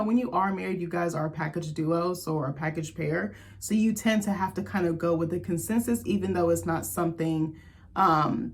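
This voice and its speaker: A young woman chatting casually and sassily as she recaps a reality show, animated and opinionated, with quick asides. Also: lowish voice.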